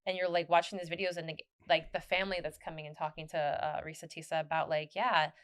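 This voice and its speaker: A woman with a fairly low voice hosts a loose, casual podcast chat. She rambles animatedly, stops and restarts her sentences often, and breaks into laughter. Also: level tone, fast talker, smooth. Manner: rambling, many restarts and fillers. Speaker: podcast host.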